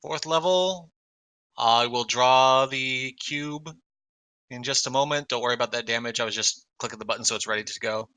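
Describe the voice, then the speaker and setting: Bright-voiced man playing a tabletop game. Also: medium pitch, normal speed, clean tone, dry recording, poor audio. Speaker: player. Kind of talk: casual tabletop play.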